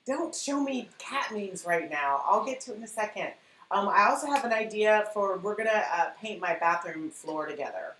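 A woman's voice: medium pitch, expressive, normal speed, fairly bright tone, echoey room, a little hiss or hum, low-quality recording. A woman teaching a live painting class, chatty and encouraging as she talks to her viewers. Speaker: art instructor.

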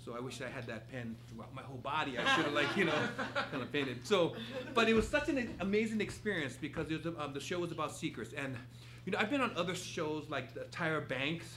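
On stage at a live improv theater, a guest storyteller tells a funny story, laughing and acting out the quotes with animated energy. His voice sits a little high and moves fairly quickly. The theater is echoey, with crowd noise and other background noise.

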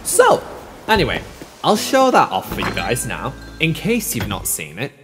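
A man's voice: medium pitch, huge pitch swings, moderate pace. Sweary man ranting over a game. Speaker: gaming channel host. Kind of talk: let's play commentary. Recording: roomy reverb with game music behind.

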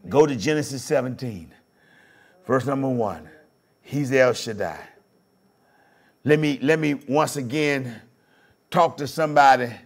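A man preaching a sermon in call-and-response style, pushing his voice up into shouts on key lines. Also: mid-range voice. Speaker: pastor.

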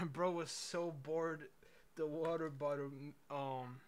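A man's voice: on the high side, steady tone, takes it slowly, smooth. A man streaming live, reacting to clips with short offhand quips. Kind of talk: casual live-stream commentary. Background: loud music from played clips.

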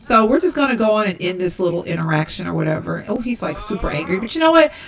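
A woman's voice: very animated, quick pace, creaky. A woman hosting a casual let's-play, chatting through her gameplay and often calling her viewers y'all. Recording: distant low-quality game capture.

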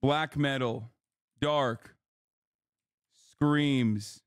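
A man's voice: medium pitch, fairly even intonation, very slow, clean tone, no echo, clean studio sound. A man streaming live, ranting with lots of swearing and thinking aloud while he types prompts. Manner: profane, ranting. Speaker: streamer contestant. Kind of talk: casual livestream chat.

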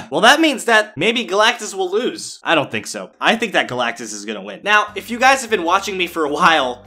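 A man's voice: high-pitched, sharp tone. A young man giving playful gameplay commentary, yelping and squealing when something startles him. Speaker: gaming YouTuber.

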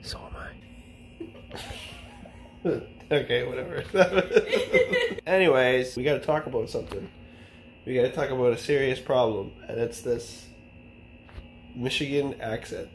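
A man's voice: medium pitch, measured pace, long pauses, a little hiss or hum. Joking young Canadian man. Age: young adult. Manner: joking, animated storyteller. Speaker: vlogger. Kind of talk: casual chat.

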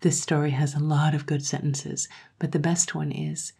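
Brief: woman storyteller, low and gravelly, hushed whispery reading. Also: level tone, normal speed. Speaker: story narrator. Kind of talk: audiobook storytelling.

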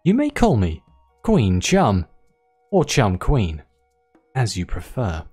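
A game player voicing a gentle, motherly giant female creature queen from a video game, reading her lines with a cooing, doting manner. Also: mid-range voice, huge pitch swings, slow pace, slightly rough, soft background music, voice pushed down, exaggerated voice. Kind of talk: reading game dialogue aloud.

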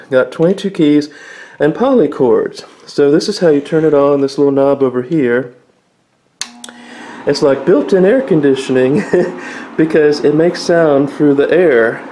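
A man's voice: a little high, warm tone, rough recording. A man talking casually in a vlog, rambling with lots of fillers as he shows off a small vintage organ. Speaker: vlogger showing an instrument. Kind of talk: casual show-and-tell vlog. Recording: organ playing in the background.

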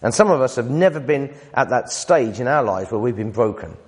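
A man preaching a sermon in a hall, animated and teasing, with emphatic swings in his voice. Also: medium pitch, brisk, husky. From United Kingdom. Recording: reverberant hall sound.

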